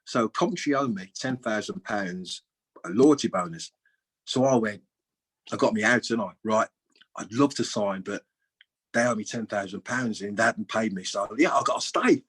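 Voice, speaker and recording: A man in his sixties with a lowish, husky voice recounts stories in a loose, colloquial way. He tells them with lively energy, as a guest sharing memories of his football days. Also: moderate pace. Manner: lively, acts out other people's lines with big jumps in voice; colloquial, chatty. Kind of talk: anecdotal storytelling.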